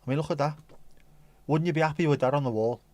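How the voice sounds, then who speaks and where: A man's voice: fairly high pitch, fast, warm tone, no room sound. Chatty man hosting a livestream. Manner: rambling and chatty, swears casually, hums little tunes. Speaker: livestream host. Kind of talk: casual livestream chat.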